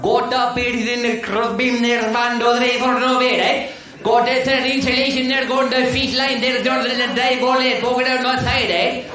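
A comedian voicing a flustered male construction foreman who speaks broken English in rapid bursts, repeating "right?" in an echoey club. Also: extremely high pitch, little pitch movement, sharp tone, voice pushed up. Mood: eager.

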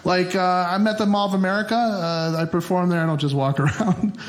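A man from Minnesota doing a lively stand-up comedy set on stage, telling stories with quick asides and laughing along with the crowd. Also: high-pitched. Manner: animated storytelling with frequent laughs and quick asides. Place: stage in front of a laughing audience.

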